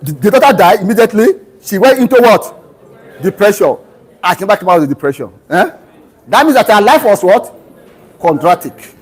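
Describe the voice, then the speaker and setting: A middle-aged Nigerian lecturer in a lecture room, his voice sitting very high for a man and leaping up and down with animated energy. He keeps prompting the class with open-ended questions and pauses for them to fill in the blanks. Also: husky, poor audio. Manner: drills students with fill-in-the-blank questions ending in "what?"; teaches through homely family anecdotes. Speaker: university lecturer.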